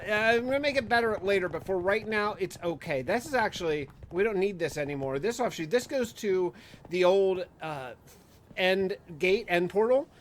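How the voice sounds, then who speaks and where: A man's voice: high voice, a little hiss or hum. A man giving casual, rambling commentary over his own gameplay, often correcting himself mid-sentence. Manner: rambling, self-correcting, gets exasperated. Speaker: Minecraft YouTuber.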